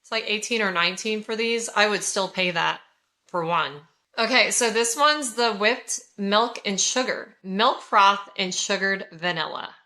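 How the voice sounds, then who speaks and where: A woman's voice: medium pitch, measured pace, sharp tone. A woman in her forties from California, gushing to viewers in a casual chat while she reviews scented products. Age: 40s. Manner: gushing, effusive, talks to viewers. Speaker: haul vlogger.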